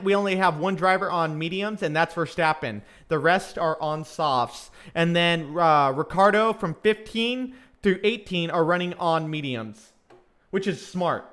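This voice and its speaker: Casting note: chatty young man, fairly high voice, casual live race commentary as a fan. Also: unhurried, a bit bright, clean tone. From Southern California. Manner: chatty fan, reads out viewer comments, many fillers.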